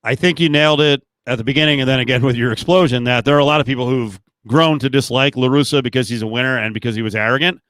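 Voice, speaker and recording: A man co-hosting a casual sports podcast, animated and opinionated, his voice rising as he gets worked up. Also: mid-range voice, quick pace, few pauses, no echo. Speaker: podcast co-host.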